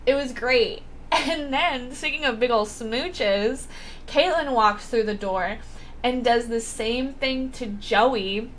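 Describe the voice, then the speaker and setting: A woman's voice: fairly high pitch, slow pace, a little hiss or hum. A woman vlogger recapping a TV episode in a casual, rambling way, with lots of filler words and swearing.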